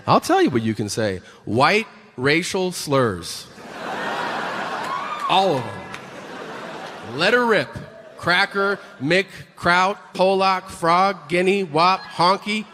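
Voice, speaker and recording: A man doing sarcastic stand-up with lively pitch. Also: takes it slowly, long pauses, in a large hall, background noise. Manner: sarcastic, mock-boastful, profane punchlines. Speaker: stand-up comedian. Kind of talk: stand-up comedy set.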